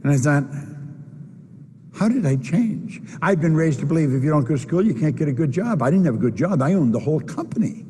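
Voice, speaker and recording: An older man with a husky, fairly high voice delivers a motivational keynote from a convention stage. He speaks emphatically and keeps coming back to the same phrases. His voice carries a long reverb from the large hall. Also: animated, fairly quick, mellow. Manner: emphatic, repeats key phrases.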